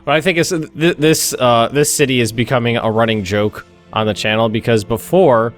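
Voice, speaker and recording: A man's voice: mid-range voice, steady tone, normal speed. An American young man hosting a let's play, thinking aloud through a strategy game with frequent restarts and asides. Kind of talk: casual gameplay commentary. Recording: faint music behind.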